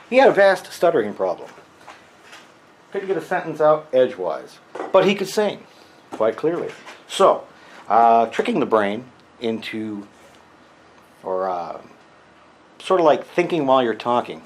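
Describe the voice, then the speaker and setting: A man's voice: mid-range voice, a little hiss or hum, rough recording. Grumbling man in a mock Freudian accent. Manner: grumpy, dry sarcastic asides. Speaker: workshop vlogger. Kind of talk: rambling workshop monologue. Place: home workshop.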